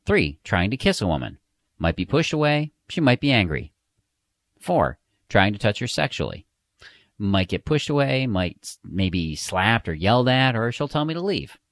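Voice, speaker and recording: A man's voice: fairly low pitch, sing-song, moderate pace, a bit bright, no room sound. A man reading scripted dating advice in an emphatic, direct, motivational way. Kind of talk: scripted instructional narration.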